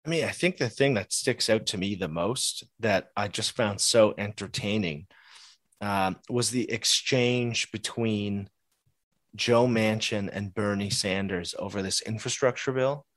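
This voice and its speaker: Chatty man, low voice. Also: unhurried, fairly bright tone, no room sound, studio quality. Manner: chatty, laughs often, many restarts. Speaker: podcast co-host. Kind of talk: casual political chat.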